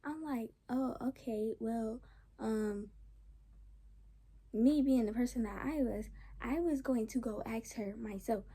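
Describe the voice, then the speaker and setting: A woman's voice: a little high, takes it slowly, breathy edge. A young woman casually telling a storytime, rambling along with slang and lots of restarts. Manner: rambling, animated retelling with slang.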